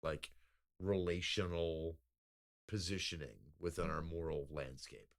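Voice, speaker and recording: A man's voice: deep voice, measured pace. A man co-hosting a podcast in casual chat, rambling and profane, laughing often. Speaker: podcast co-host.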